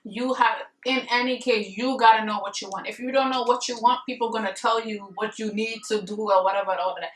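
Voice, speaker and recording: A woman's voice: a little high, steady tone, fairly quick, few pauses, fairly bright tone. Blunt, rambling young woman vlogger. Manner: rambling, many fillers, blunt and emphatic. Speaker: vlogger giving marriage advice. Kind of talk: casual advice chat to camera. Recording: echoey room, voice a bit far from the mic.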